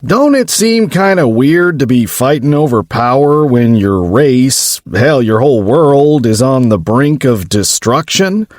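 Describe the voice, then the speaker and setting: A man's voice: mid-range voice, big pitch swings, unhurried, few pauses, no echo, clean studio sound, voice pushed up. A man voicing a cocky, heavily armored male base leader who talks in a mocking, folksy drawl.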